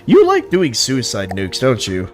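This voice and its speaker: A man's voice: medium pitch, wildly swooping pitch, a little slow, faint music behind. A young man streaming, giving frank, profane, easily amused commentary on viewers' builds. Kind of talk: casual live-stream commentary.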